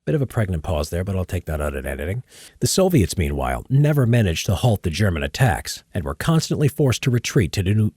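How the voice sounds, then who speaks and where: A man with a low, husky voice records history narration, switching between relaxed chatter and steady, animated read-throughs. His pitch moves a lot as he reads. The sound is dry and close to a studio mic. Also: brisk, no room sound. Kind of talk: casual live-streamed recording session. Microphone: studio microphone.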